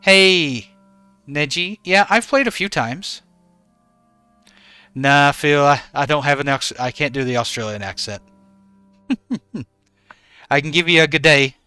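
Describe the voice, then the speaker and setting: A man's voice: a little high, lively intonation, measured pace, pauses often, pushed and bright, clean tone, no echo, faint music behind. A man streaming a game from home in regional Australia, easygoing as he greets and thanks viewers by name. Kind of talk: live stream chat with viewers.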